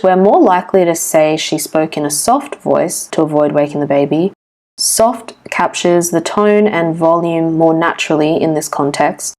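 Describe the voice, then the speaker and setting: Woman, slightly low pitch, scripted English lesson host, steady explanatory read. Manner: clear, measured explanatory reading. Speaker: English teacher.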